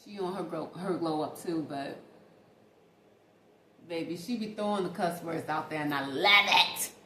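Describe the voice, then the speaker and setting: Speaking straight to viewers as "y'all," a young woman vlogs late at night in a chatty, animated way. She has a deep voice and talks at normal speed, recorded in an echoey room with faint background noise.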